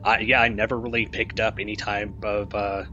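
A man's voice: lowish voice, flat delivery, moderate pace, bright, forceful tone. A man from Kansas raised in Oklahoma, co-hosting a podcast in rambling casual chat. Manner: rambling, self-correcting. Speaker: podcast co-host. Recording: dull lo-fi audio with faint hiss.

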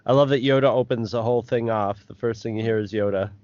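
A man in a mid-range voice mulls over an episode, halting and restarting as he thinks aloud. The sound is dry and close, but dull and lo-fi. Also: medium pitch, steady tone, darkish tone, no room sound. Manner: halting, thoughtful, many restarts. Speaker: podcast co-host. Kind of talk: casual recap chat.

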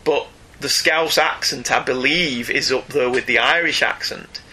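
Bright-voiced chatty English man. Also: medium pitch, a little slow, husky. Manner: chatty, animated, jokey asides. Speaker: podcast co-host. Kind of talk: casual comics discussion.

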